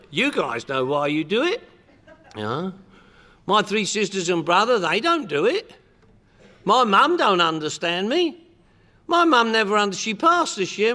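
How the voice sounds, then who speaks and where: A middle-aged man with a London accent, telling comic stories to a crowd in a loud, joking, punchy way with bursts of shouting. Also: high-pitched, very animated, moderate pace. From England. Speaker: recovery meeting speaker. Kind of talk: comic storytelling talk to a crowd.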